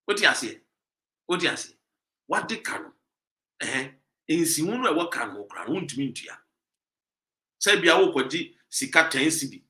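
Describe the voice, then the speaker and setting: A man with a Ghanaian accent giving emphatic commentary, full of rhetorical questions, sometimes loud and sometimes dropping low. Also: roomy sound. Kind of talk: animated commentary mixing Twi and English.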